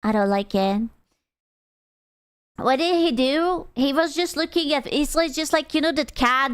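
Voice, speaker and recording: Slow-talking, teasing woman streamer. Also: sits high, lively intonation, fairly bright tone. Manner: blunt, teasing and playful. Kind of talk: casual live-stream chat.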